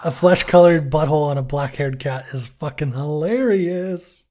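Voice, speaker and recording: A man's voice: a little high, normal speed, darkish tone. A man co-hosting a podcast, chatting casually about a TV episode, joking, rambling and swearing freely. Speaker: podcast co-host. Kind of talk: casual chat, reviewing a TV episode.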